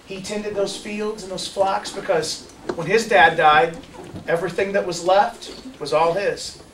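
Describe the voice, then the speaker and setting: A man teaching a children's church lesson, telling a story in a lively, playful way and joking with young volunteers. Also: sits high, a little slow, slight background noise. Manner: lively, playful, chatty, asks the audience questions. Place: large room with kids, music playing. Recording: echoey room, voice from far off.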